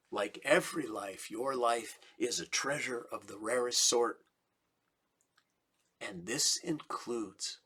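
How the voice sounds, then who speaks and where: A middle-aged man preaches with a slow, measured delivery and leans on emphatic repetition. His voice is fairly low but bright, with a slightly husky edge. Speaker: rabbi. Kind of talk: recorded sermon message.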